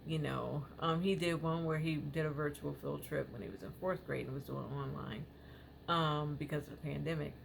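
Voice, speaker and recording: A woman's voice: deep voice, steady tone, a little fast, gravelly, a little hiss or hum. A woman in her thirties, a parent vlogger talking casually to her viewers in a rambling way, full of "you know"s. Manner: rambling, filler-heavy, many "you know"s. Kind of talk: casual chat to camera.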